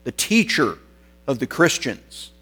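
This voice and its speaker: A man voicing a commanding Roman governor who issues forceful demands and threats in a sermon story. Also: mid-range voice, sing-song, slow, husky, full character voice. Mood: stern.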